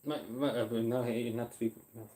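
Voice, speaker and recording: A man's voice: mid-range voice, fairly even intonation, normal speed, warm tone. A man chatting casually on a livestream, hesitant and apologetic, with many fillers, eating while he talks.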